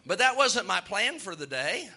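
A male pastor preaching with a very high, strikingly bright and sharp voice. He moves between fervent, emphatic exhortation and folksy, self-deprecating storytelling. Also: very animated, normal speed. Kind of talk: sermon.

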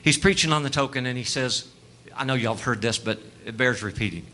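Bright-voiced preacher. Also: male voice, mid-range voice, a little fast, a little hiss or hum. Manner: swings from hushed tenderness to loud, animated storytelling. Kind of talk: sermon.

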